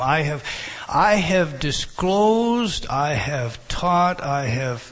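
Husky man teaching scripture. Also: on the high side. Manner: animated, repeats and restarts phrases. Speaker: preacher. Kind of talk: expository Bible teaching.

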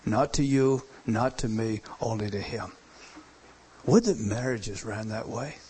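A male pastor preaching a sermon, stressing points and swinging between loud emphasis and quiet, hushed lines. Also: fairly low pitch, a little slow, a little hiss or hum.

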